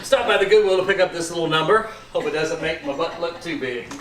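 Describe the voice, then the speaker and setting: A man's voice: on the high side, animated, quick pace, crowd noise, close to an everyday voice. An actor playing a flustered man disguised as a frumpy woman, stammering and frantic, in a live stage comedy. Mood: bickering. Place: community theatre stage. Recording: echoey hall, far from mic, audience noise.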